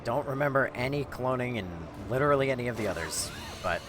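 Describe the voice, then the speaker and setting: A man's voice: mid-range voice, animated, fast, background noise. A man streaming a video game, giving casual, sarcastic commentary and swearing freely. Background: game music.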